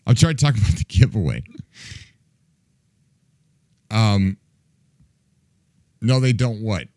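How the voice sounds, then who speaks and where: A man streaming and chatting loosely with his viewers, his voice bouncing all over in pitch. He laughs a lot, does goofy sound effects and plays at being fed up with the chat. The sound is dry and close, with no room in it. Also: sing-song, slow pace, long pauses, mellow, no echo. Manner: mock-exasperated as he reacts to chat. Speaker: livestream host.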